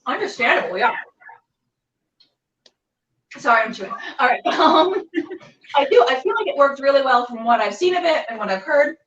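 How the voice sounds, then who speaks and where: A woman's voice: high voice, animated, brisk, slight background noise. A woman hosting a casual interview over a video call, bubbly and exclamatory with loose fillers. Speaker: podcast host. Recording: roomy, distant, dull video-call audio.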